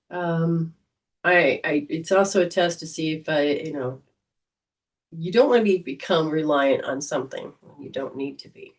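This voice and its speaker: A woman's voice: sits low, a little slow, long pauses, distant mic. A woman hosting a casual livestream as a psychic reader, talking in a chatty, rambling way. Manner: chatty, rambling, warm storytelling.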